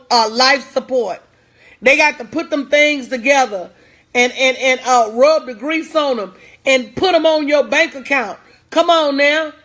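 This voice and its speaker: A woman's voice: high voice, fairly bright tone. A woman giving a live-stream motivational talk, preaching with lots of repetition, urging viewers to respond and greeting them by name in a casual, folksy way. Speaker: motivational speaker.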